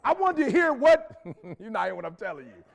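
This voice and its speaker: A man's voice: high voice, sing-song, brisk, vocal fry. A middle-aged man from Detroit giving an urgent, preachy motivational speech to a live audience, slangy and repeating lines for emphasis. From Detroit, Michigan, USA. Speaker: motivational speaker.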